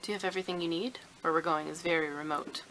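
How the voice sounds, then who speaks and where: A woman reading the lines of a curt, tense woman scientist in a storybook excerpt, in her own low, bright voice. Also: fairly even intonation, fast, slight background noise, low-quality recording.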